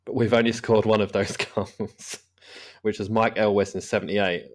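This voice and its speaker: A man with a very low, deep voice hosts a relaxed football podcast among friends. He rambles through his notes, trails off mid-sentence and breaks into laughter often. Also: normal speed. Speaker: podcast host. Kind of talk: casual chat.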